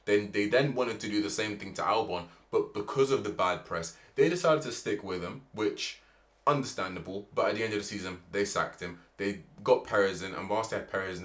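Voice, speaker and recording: A man giving animated, opinionated motorsport commentary, with emphatic rhetorical questions. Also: lowish voice.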